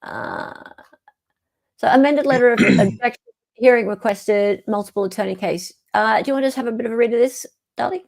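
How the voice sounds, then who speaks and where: A woman's voice: fairly high pitch, fairly quick, gravelly. An Australian woman hosting a casual livestream, chatting, reading court documents aloud and reacting to viewer comments. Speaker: host.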